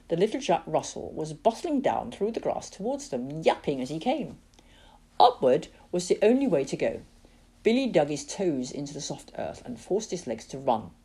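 A woman reading a storybook aloud with a low, husky voice. Her delivery is expressive and dramatic, swinging widely in pitch, and her tone stays mellow and soft-edged. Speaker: narrator. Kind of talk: storybook narration.

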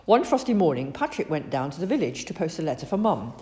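A woman reading a children's story aloud in an expressive, animated way. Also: low voice, fast talker.

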